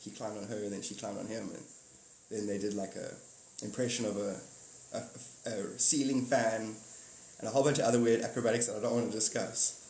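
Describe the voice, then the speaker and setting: A man's voice: on the low side, fairly quick, darkish tone. A man hosting a casual live stream, rambling and joking, swearing now and then and acting out silly voices. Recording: echoey room with faint noise.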